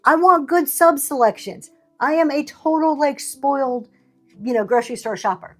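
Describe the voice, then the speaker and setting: A woman's voice: high voice, expressive, moderate pace, soft background music. Chatty, sassy woman livestream host. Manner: chatty, sassy, laughing asides. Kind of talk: casual chat.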